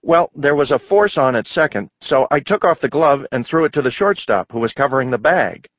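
A man's voice: animated, brisk, dry recording, highs cut off, lightly acted. A man voicing a shy, hesitant young schoolboy in a storybook reading. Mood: unsure. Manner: hesitant, higher voice.

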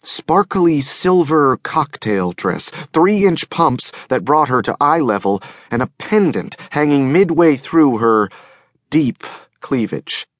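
A man reads a first-person novel in a measured, wry manner. His voice sits at an ordinary middle pitch. The studio sound is dry and close to the mic. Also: very animated, dry recording. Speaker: audiobook narrator. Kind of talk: first-person scripted narration. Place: recording studio.

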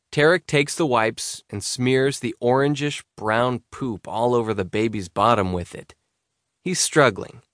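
A man narrating a young adult novel in the first person, in a conversational, expressive way. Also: lowish voice, no echo, clean studio sound. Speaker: audiobook narrator.

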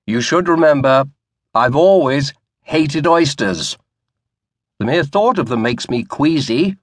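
A man's voice: medium pitch, animated, takes it slowly, dry recording, voice pushed up. A man voicing a young naval officer and lord who speaks to his servant sternly but patiently. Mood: dry. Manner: stern, dry.

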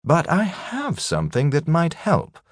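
A man's voice: a little high, wildly swooping pitch, a little slow, no room sound, clean studio sound, pitched above the performer's own voice. A man playing a curt, threatening wizard. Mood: stern. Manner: curt, commanding. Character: stern, threatening male human wizard.

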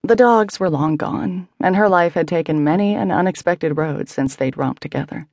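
Woman narrating a novel, slight vocal fry. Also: lowish voice, normal speed, darkish tone, no echo. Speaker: audiobook narrator. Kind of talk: scripted narration.

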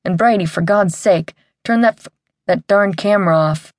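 A woman's voice: mid-range voice, moderate pace, no echo, studio quality, close to an everyday voice. A woman voicing a prim male TV presenter with tissues up his nose, his voice muffled and pious. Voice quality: muffled, stuffed-up. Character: nasal, stuffy-nosed male TV presenter, pious.

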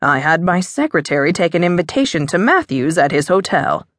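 A woman's voice: on the low side, big pitch swings, fairly quick, no room sound, clean studio sound. A woman voicing a genial, welcoming wealthy middle-aged father in an audiobook. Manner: hearty, welcoming.

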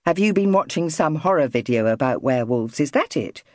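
Woman doing a brisk, soothing mum. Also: sits low, animated, darkish tone, dry recording, clean studio sound. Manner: firm but soothing. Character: brisk, caring mother of five.

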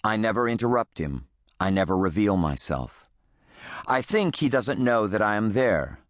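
A man reading an audiobook in the first person, with measured, reflective storytelling. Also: on the low side, sing-song, no room sound, studio quality. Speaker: audiobook narrator.

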